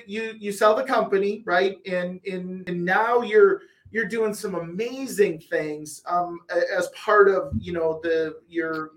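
A man's voice: high-pitched, a bit bright, roomy sound. An enthusiastic male podcast host who gushes and stumbles over repeated words. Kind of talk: podcast interviewing.

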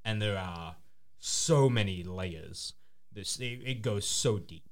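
A man hosting a casual show, chatty and playful, with quick asides. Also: fairly low pitch. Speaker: podcast host. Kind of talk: casual chat.

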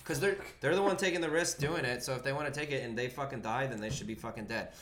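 A young man co-hosting a loose, casual podcast. He talks quickly and bluntly, swears freely and talks over his partner. His voice sits at an ordinary pitch for a man. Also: fairly bright tone, reverberant. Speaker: podcast co-host. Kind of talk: casual debate chat.

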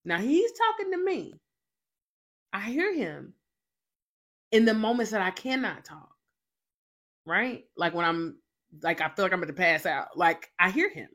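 A woman's voice: mid-range voice, sing-song, a little slow, pauses often, a bit bright. A young adult woman hosting a faith show, telling a personal testimony in an emphatic storytelling way, full of repeated fillers and restarts. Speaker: faith podcast host.

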